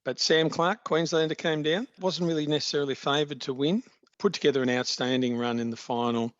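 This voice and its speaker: A man, answering interview questions in a measured, informative way and praising the athletes. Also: fairly high pitch, fairly even intonation, dry recording. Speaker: athletics league official guest. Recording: dry, dull-sounding podcast audio.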